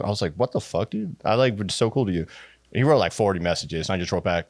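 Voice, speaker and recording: A man's voice: deep voice, no echo, clean studio sound. An American man, a tattoo shop owner, telling stories in casual podcast chat and acting out quotes. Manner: fast, animated storytelling, acting out quotes. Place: podcast studio.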